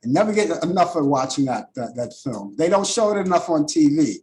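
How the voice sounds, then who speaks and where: An older man from talks in a casual radio chat, his plain in every phrase. His voice sits a bit high and swings widely up and down. He keeps repeating and restarting words as he goes. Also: big pitch swings, a little fast, darkish tone. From Brooklyn, New York. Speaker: radio co-host.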